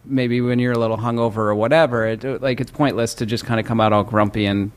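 A man in his late thirties from the American Midwest, chatting casually and upbeat, quick to laugh. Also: medium pitch, fairly even intonation, clear, resonant tone. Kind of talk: casual chat.

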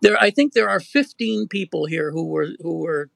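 An older man, a veteran newsman, chatting as a guest and quizzing the host in a halting, teasing way. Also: fairly high pitch, gravelly, fairly bright tone, no room sound. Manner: halting, teasing quiz-giver. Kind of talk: casual interview chat.

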